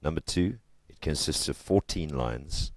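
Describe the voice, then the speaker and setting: A man with an extremely deep voice gives a casual literature lesson. He chats and jokes his way through it and punches the stressed syllables. The sound is close and dry, with no room echo. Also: animated, unhurried. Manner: chatty and joking, with emphatic stresses. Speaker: literature teacher.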